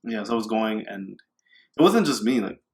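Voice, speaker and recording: A man's voice: lowish voice, expressive, normal speed. A man telling a personal story in casual podcast chat, rambling with many fillers.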